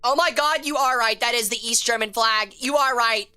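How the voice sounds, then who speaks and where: A woman streamer giving casual live game commentary, excitable and quick to swear, chatting with her viewers. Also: on the high side, smooth. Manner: excitable, swears a lot when frustrated, chats with viewers.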